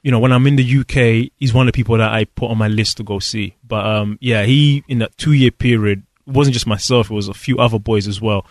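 A man tells a personal story in an interview. He speaks earnestly and reflectively, pausing and restarting as he searches for words. The sound is dry and close. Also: fairly low pitch, fairly even intonation, no echo. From London, England. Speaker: guest.

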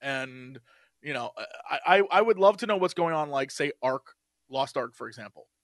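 Man, high bright voice, podcast co-host, eager, dry close sound. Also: animated, normal speed, dry recording. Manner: eager and upbeat, laughs often. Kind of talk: casual chat.

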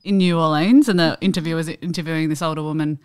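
Chatty woman, low-ish voice. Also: fairly even intonation, clean tone, no echo, studio quality. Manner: chatty, filler-heavy, quick retelling. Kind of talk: casual chat.

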